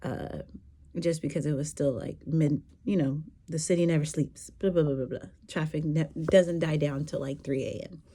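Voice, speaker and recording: A woman's voice: deep voice, fairly even intonation, normal speed, dark tone. A woman telling a personal story in a candid, rambling casual monologue, laughing now and then.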